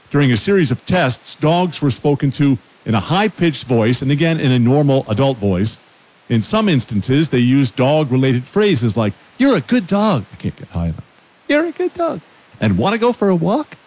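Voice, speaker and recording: A male radio host delivers a short feature, his pitch swinging freely as he talks. His manner is upbeat and playful, and he pokes fun at himself. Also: darkish tone. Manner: upbeat, playful, self-mocking.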